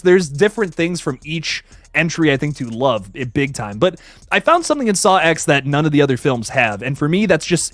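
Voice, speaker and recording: An excitable young man talks casually to his live-stream audience. His voice sits high for a man and jumps all over the place as he gushes. The sound is dry and close, with no room around it. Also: no room sound. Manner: excitable, swears, greets chatters by name. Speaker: livestream host reviewing films.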